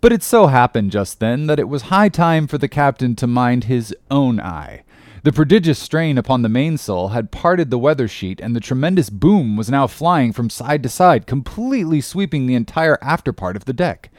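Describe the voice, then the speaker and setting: Expressive male audiobook narrator, dry sound. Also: mid-range voice, moderate pace, no echo. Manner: expressive, rising with the action.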